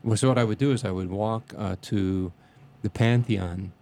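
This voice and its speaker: Man, gravelly low voice, dark mellow tone, halting reverent recollection, faint background hiss. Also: fairly even intonation. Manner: halting, many restarts and fillers, reverent. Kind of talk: casual reminiscing interview.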